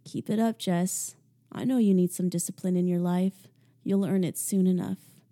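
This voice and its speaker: A woman voicing a smug, dominant young man who speaks slowly and tauntingly. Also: fairly even intonation, warm tone, natural voice. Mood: commanding. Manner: slow, low, taunting.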